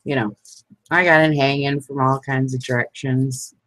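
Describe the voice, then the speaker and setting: A middle-aged woman with a low, deep voice chats on while she crafts, rambling from one story to the next. She laughs easily and pokes fun at her own mistakes. The sound is dry and close. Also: steady tone, moderate pace, fairly bright tone, no room sound. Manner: chatty, rambling, laughs often, self-deprecating. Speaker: craft vlogger. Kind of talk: casual chat while crafting.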